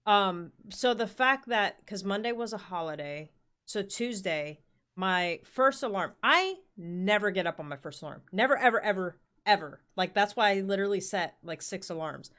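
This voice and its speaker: A woman's voice: medium pitch, expressive, normal speed, sharp tone. A woman in her forties telling a rambling work story in casual chat, full of fillers and the odd swear word. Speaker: podcast co-host.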